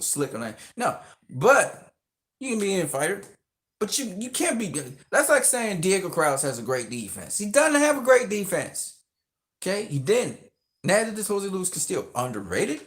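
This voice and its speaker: Male stream host, blunt and profane, lively swinging pitch, casual rant delivery. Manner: emphatic, profane, repeats "okay?" often.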